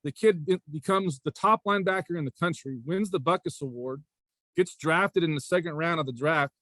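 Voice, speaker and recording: A man in his forties, both athletic director and high school basketball coach, rambles through anecdotes in an easygoing interview, frequently starting over and leaning on "again" and "right?". His delivery is at normal speed, a bit bright, with no echo.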